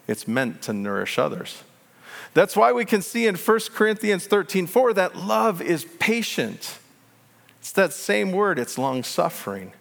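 A man preaching a sermon as pastor, animated and acting out quoted voices, in a church sanctuary. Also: high voice, vocal fry, long reverb tail. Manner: animated, acts out quoted voices, laughs at own jokes.

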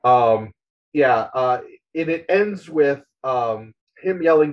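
A man's voice: mid-range voice, animated, takes it slowly, highs cut off. A man co-hosting a podcast, casually retelling a comic story in an amused, chatty way. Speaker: podcast co-host.

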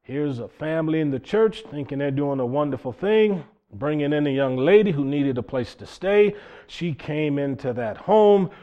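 A man's voice: a little high, moderate pace, dark tone. A man preaching a sermon, telling a story in a folksy way and repeating "he said" as he quotes people. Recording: dull lo-fi recording.

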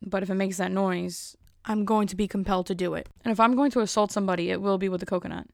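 A woman's voice: medium pitch, steady tone, fast, gravelly, darkish tone, dry recording, studio quality. A young woman hosting a podcast alone, telling a rambling casual story full of fillers. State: a bit out of breath. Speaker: podcast host. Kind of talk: casual solo podcast chat.

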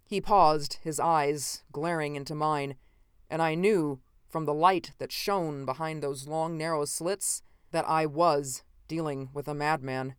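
A woman narrating a science fiction audiobook in a measured, even way. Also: low-pitched, smooth, no echo, clean studio sound. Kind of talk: scripted narration.

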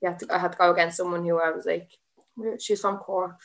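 A young woman with an Irish accent tells her story in a casual podcast chat. She talks very quickly and keeps piling on "like", breaking off with laughing asides as she goes. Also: fairly low pitch, level tone. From Ireland. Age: young adult. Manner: rambling, lots of "like", laughing asides. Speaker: guest, MMA fighter.

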